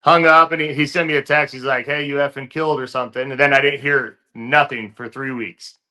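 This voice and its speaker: Bright-voiced man telling a story. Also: medium pitch, a little fast. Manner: relaxed, filler-heavy storytelling. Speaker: interview guest, fighter turned actor. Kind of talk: casual storytelling interview.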